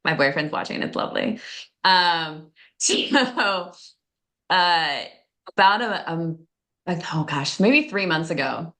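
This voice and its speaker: A woman's voice: on the low side, animated, takes it slowly, bright, forceful tone. A woman, a guest transformation coach, chatting casually on a podcast, telling stories with frequent laughs and acting out quoted lines.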